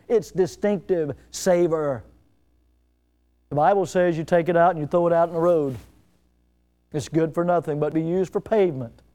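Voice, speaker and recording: High, clear-voiced preacher with emphatic delivery. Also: male voice, dark tone. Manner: emphatic, storytelling, rhetorical questions, repeats words. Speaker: pastor. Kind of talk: sermon.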